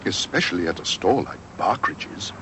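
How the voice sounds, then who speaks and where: A man narrating a cartoon storybook in a gentle, expressive way. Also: low voice, moderate pace, background noise.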